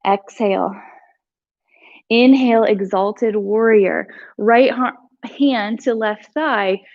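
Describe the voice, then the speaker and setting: A woman instructor leading a live yoga flow, giving calm breath cues with chatty asides, a little out of breath. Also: on the high side, takes it slowly, muffled recording. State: slightly out of breath. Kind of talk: live yoga class cueing.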